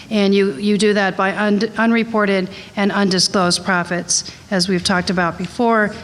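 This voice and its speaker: A woman's voice: medium pitch, a bit bright. A woman giving a conversational slide presentation to a conference audience, candid and chatty, with frequent fillers and asides. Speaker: conference presenter on drug costs. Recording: long hall reverb.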